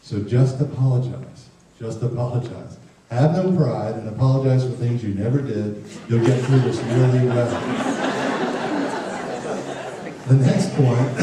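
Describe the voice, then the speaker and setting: A man giving a humorous talk to parents, acting out quick exchanges between parents and teens. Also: mid-range voice, a crowd in the background, noisy background. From Ireland. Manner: jokey, acts out parents and teens in quick voices. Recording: far, echoey hall recording.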